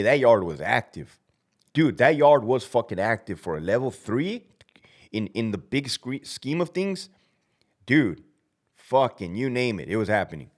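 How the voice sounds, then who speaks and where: A man in his thirties, a former prison officer, telling a casual story in a blunt, profane way, laughing at himself and acting out shouted commands. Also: mid-range voice.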